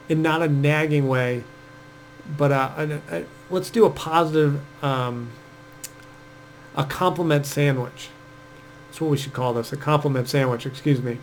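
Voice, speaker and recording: A man's voice: on the high side, slight background noise, poor audio. A man giving casual dating advice, chatty and full of fillers, acting out quoted speech as he goes. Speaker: dating coach.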